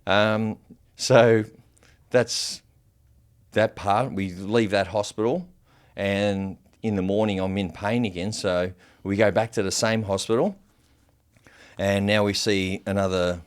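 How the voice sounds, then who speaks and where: A man, a podcast guest, telling a personal story in a casual, animated way, swearing freely and using lots of fillers. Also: fairly low pitch, slow, smooth.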